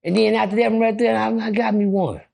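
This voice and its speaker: A man telling a story on a podcast in a casual, animated way, acting out voices and throwing in profane asides. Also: sits high, quick pace, vocal fry.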